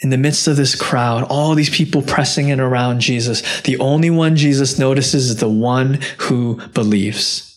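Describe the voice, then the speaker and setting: A man preaching a sermon, earnest and direct, rising to impassioned peaks and dropping low and soft when quoting. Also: normal speed, hardly any pauses. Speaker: pastor.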